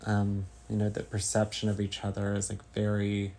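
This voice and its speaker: A man from Northern California chatting casually with his stream viewers, slow and rambling. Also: fairly low pitch, monotone, warm tone, slight background noise. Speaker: livestreamer.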